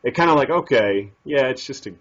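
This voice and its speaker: A man's voice: mid-range voice, fairly quick. A middle-aged man hosting a casual interview, playful and laughing often as he asks questions. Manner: playful, laughs often, lively ups and downs. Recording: dull lo-fi sound.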